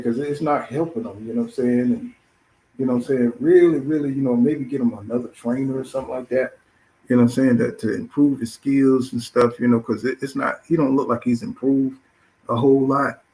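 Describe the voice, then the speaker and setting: A man's voice: mid-range voice, a little mellow, rough recording. A middle-aged man hosting a casual boxing talk show, profane and rambling, with constant fillers. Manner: profane, filler-heavy, says "you know what I'm saying" constantly.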